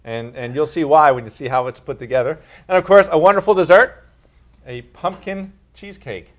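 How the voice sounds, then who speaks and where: Enthusiastic chef co-hosting a cooking show. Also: male voice, fairly high pitch, fairly quick. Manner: chatty, enthusiastic with restarts. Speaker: chef and co-host. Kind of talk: casual studio chat.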